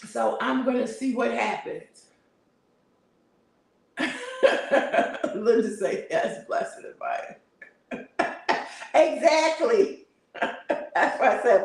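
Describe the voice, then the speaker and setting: A man's voice: very high-pitched, expressive, extremely slow, vocal fry, pauses often, recorded from a distance. A man hosting a casual livestream, chatting and answering viewer comments with frequent laughter. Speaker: livestream host. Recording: roomy, a bit off-mic.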